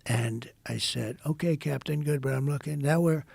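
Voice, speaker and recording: An older man from the United States, a podcast guest, telling a rambling, repetitive story and acting out quoted dialogue in a hushed voice. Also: a little high, normal speed, vocal fry, slightly rough, no echo. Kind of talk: casual storytelling in an interview.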